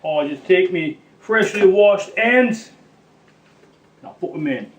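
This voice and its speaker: A man's voice: high-pitched, expressive, slow, far from the mic, dull audio. A man hosting a mock-serious cooking demonstration, rambling and joking with slangy asides. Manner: jokey, rambling, drops slangy "mate" and "bloody". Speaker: cooking show host.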